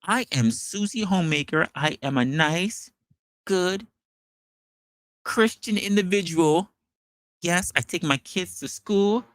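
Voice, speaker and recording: A man's voice: high voice, slow, long pauses, fairly bright tone, no room sound, voice pushed up. A man putting on the voice of a sanctimonious churchgoing suburban mom in a mocking, singsong way. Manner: mocking, singsong, self-righteous.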